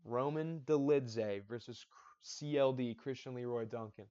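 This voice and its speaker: A man's voice: medium pitch, unhurried, mellow, clear, resonant tone. Rambling man with dull lo-fi audio. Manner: rambling, self-interrupting, slangy. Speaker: MMA fight predictions host. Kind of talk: casual solo commentary.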